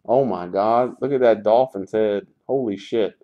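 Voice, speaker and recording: A man's voice: fairly low pitch, measured pace, highs cut off. A man hosting a live sports card break, calling out pulls in a sarcastic, grumbling, profane way.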